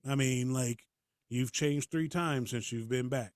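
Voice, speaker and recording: A man co-hosting a casual podcast about wrestling, talking in a lively way, laughing and acting out quotes. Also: medium pitch, a little slow, no room sound, clean studio sound. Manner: animated, laughs, acts out quotes. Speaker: podcast co-host. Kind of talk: casual chat.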